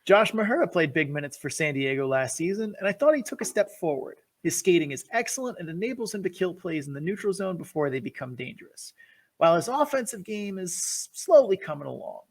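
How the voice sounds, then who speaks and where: A man with a fairly high voice co-hosting a sports podcast. He reads from prepared notes with eager enthusiasm and chuckles at his own quips. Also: very animated, brisk. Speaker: podcast co-host. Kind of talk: hockey analysis podcast.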